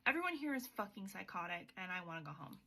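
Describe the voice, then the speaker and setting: A woman putting on a fed-up sweary heroine, bright voice, drawly and blunt. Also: mid-range voice, big pitch swings, quick pace, breathy edge, heavily acted. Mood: exasperated. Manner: exasperated, sweary, valley-girl drawl.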